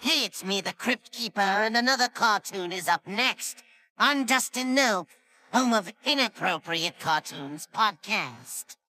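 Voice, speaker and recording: A man's voice: high voice, animated, a little slow, sharp tone, faint music behind, voice pushed up, exaggerated voice. A man putting on the voice of a ghoulish crypt keeper host announcing the next cartoon.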